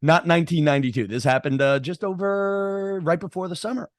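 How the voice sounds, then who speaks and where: A man's voice: fairly high pitch, steady tone, brisk, no room sound. Man, middle-aged, podcast host, rambling stop-start storytelling, dry close sound. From Irish heritage, New York area. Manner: rambling storyteller, many restarts and fillers. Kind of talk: casual podcast interview.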